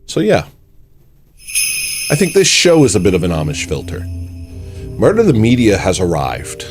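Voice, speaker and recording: A man hosting a comedy livestream, rambling and self-mocking as he swings between mock panic and low mumbles. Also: huge pitch swings, normal speed, music in the background. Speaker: livestream host. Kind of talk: casual comedic livestream chat.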